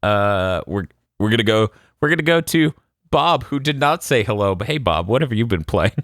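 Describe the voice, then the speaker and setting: A man hosting a podcast in casual chat, animated and joking, swearing freely. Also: on the low side, normal speed. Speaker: podcast host.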